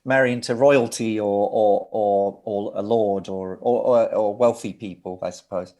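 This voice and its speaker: A man's voice: lowish voice, fairly even intonation, unhurried, dark tone. A middle-aged man from England, a record producer, telling his family history as a guest in a casual interview, rambling and restarting sentences. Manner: rambling, anecdotal, frequent restarts.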